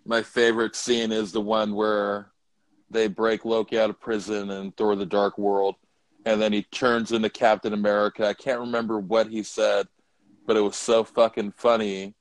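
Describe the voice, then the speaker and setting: A man's voice: lowish voice, flat delivery, moderate pace, no room sound, low-quality recording. A man co-hosting a podcast, chatting casually, blunt and joking, swearing freely. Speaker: podcast co-host. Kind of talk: casual chat.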